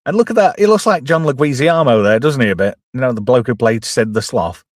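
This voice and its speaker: A man's voice: mid-range voice, lively intonation, brisk, dry recording, clean studio sound. A middle-aged man, giving jokey, casual commentary on a film and reading out chat messages. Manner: chatty, jokey, quotes characters in put-on voices. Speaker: host.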